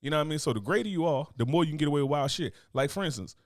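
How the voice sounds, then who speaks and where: A man's voice: on the high side, animated, racing, no room sound, studio quality. An American man, a podcast host, talking in a blunt, profane, joking way in casual chat.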